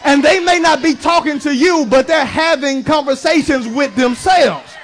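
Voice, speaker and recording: Preacher, man, very high voice, comic sermon, shouts for emphasis. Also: normal speed. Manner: lively, joking preacher with shouted bursts. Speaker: pastor. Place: church sanctuary.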